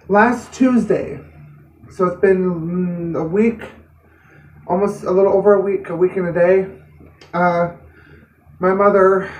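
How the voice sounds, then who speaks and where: A woman's voice: fairly low pitch, a little mellow, dull audio. A woman vlogger telling a personal story to camera in an earnest, plain-spoken way. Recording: roomy, distant mic.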